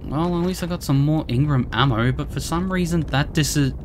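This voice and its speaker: A woman's voice: sits low, normal speed, darkish tone, slight background noise. A woman giving let's play commentary, ranting and swearing at enemies in exasperation. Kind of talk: gameplay commentary.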